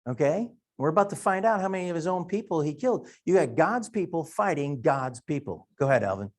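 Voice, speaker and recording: A man's voice: on the high side, expressive, fairly quick, a little mellow. Folksy man teaching a Bible class. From Wisconsin. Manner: conversational, folksy, thinking aloud. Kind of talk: Sunday school Bible lesson.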